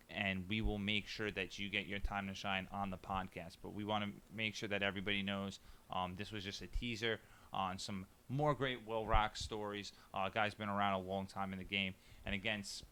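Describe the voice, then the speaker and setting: A man hosting a podcast, wrapping up an episode in an upbeat way and giving a sponsor shout-out. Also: on the low side, clean tone. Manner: upbeat, promotional. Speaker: podcast host. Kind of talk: show outro and sponsor read.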